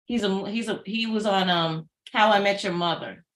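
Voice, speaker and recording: A middle-aged woman co-hosting a casual chat review, chatty and exclaiming with quick asides. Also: mid-range voice, a bit bright, reverberant. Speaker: co-host.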